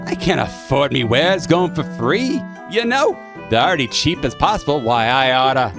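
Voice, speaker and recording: A man's voice: medium pitch, sing-song, moderate pace, vocal fry, music in the background. A man voicing a boastful, cheap male magic shopkeeper with a put-on British accent. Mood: indignant. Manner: brash, bragging, "I tells ya".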